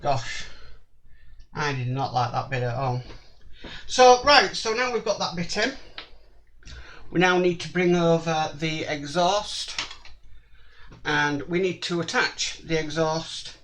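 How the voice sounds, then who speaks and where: A man narrating a hands-on model-kit build, slow and apologetic, muttering as he works. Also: fairly high pitch, expressive, a bit bright, slight background noise, poor audio.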